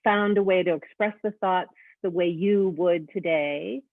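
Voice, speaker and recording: A woman's voice: on the low side, measured pace, no room sound. A woman hosting a webinar as director of education, asking encouraging questions and laughing along. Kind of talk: interviewing webinar host. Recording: dry tinny phone-like line.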